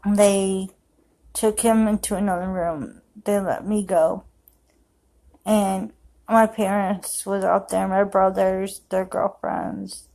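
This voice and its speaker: A grieving mother telling a personal story to camera in a raw, emotional way, sometimes rushing her words. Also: medium pitch, steady tone, creaky, warm tone, poor audio. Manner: raw, emotional retelling, rushed bursts.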